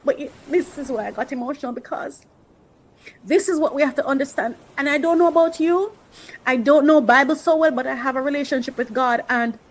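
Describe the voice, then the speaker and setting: A woman speaking from the heart on a talk podcast, earnest and reflective, with slow, emphatic stretches and moments where she is moved to emotion. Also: high voice, rough recording. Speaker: podcast host. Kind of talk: heartfelt personal monologue.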